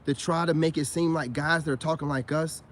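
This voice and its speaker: A man from the United States rants bluntly and heatedly, with a fairly high voice for a man. He leans on fillers as he goes. Loud noise sits under his voice throughout. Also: steady tone, fairly quick. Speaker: vlogger. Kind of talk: ranting monologue.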